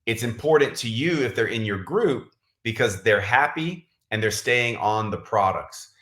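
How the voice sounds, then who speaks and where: A man's voice: on the low side, expressive, fairly bright tone, roomy sound. A man leading a casual livestream training for his sales team, rambling with lots of fillers and self-corrections. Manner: says he is talking really fast. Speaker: direct-sales team leader. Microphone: camera mic on livestream.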